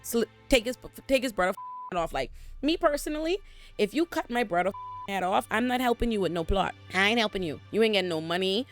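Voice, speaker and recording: A vlogger recapping a TV episode from a bedroom on their own camera, telling it in an animated, profane, slang-heavy way. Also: mid-range voice, quick pace, soft background music. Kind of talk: casual recap commentary. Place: bedroom at home.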